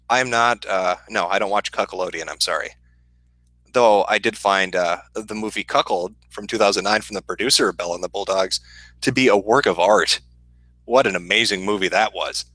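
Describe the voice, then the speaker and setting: A man with a Midwestern accent, hosting a casual livestream and answering chat questions in a profane, deadpan, sardonic way. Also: fairly low pitch, dry recording, rough recording. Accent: Midwestern American.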